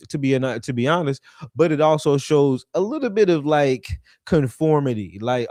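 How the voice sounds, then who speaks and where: A man's voice: on the high side, a little mellow, no echo, clean studio sound. A man giving a casual, rambling history commentary on his own microphone, with profane, chuckling asides. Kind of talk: casual talk over documents.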